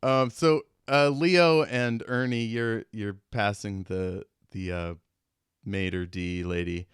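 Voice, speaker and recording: Low-voiced man narrating a tabletop game. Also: slow pace, clear, resonant tone, no room sound, studio quality. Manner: relaxed, casual narration with fillers. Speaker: game master.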